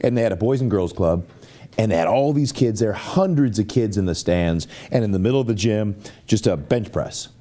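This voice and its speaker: A man with a warm, mellow voice hosts a talk show and tells stories casually. He acts out the people in them with lively energy. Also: lowish voice, brisk. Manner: animated storyteller who acts out quotes. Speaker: show host.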